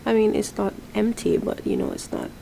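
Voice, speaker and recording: A woman's voice: medium pitch, level tone, fairly quick, gravelly, dark tone, slight background noise, rough recording. A woman from Jamaica talking casually to her camera in an airport terminal, chatty and full of fillers. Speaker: vlogger.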